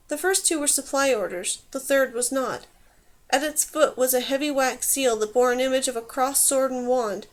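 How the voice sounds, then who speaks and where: A woman reading a fantasy novel aloud in steady, clear scripted narration. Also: high voice. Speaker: audiobook reader.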